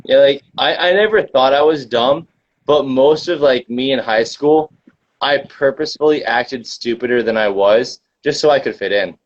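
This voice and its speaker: A man's voice: medium pitch, moderate pace. A young man in casual chat, rambling with lots of fillers and slang. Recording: dull lo-fi sound.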